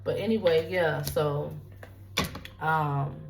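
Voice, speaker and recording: A woman's voice: low-pitched, fairly even intonation, takes it slowly, gravelly, noisy background. A woman giving a casual tarot reading, talking straight to her viewers in a loose, repetitive, profane way. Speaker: tarot reader.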